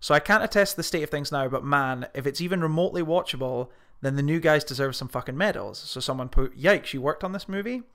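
A man's voice: on the high side, fast talker, hardly any pauses, fairly bright tone. A man co-hosting a casual film podcast, swearing freely and reading comments aloud with amused relish. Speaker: podcast co-host. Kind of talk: casual film review chat.

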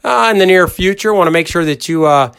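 A man's voice: sits high, fairly quick, creaky, fairly bright tone, clean tone. Folksy middle-aged man, rambling and emphatic. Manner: folksy, rambling storyteller who acts out quoted voices; emphatic, talks straight to listeners. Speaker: college football podcast host. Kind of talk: casual podcast chat.

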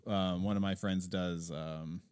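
A man in his forties hosting a casual podcast chat, halting and restarting often, quick to laugh. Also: low voice, fairly even intonation, a little mellow, smooth, no room sound, clean studio sound. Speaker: podcast host.

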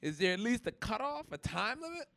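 Bright, lively high-voiced man. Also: brisk, no room sound. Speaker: podcast co-host. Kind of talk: casual podcast chat.

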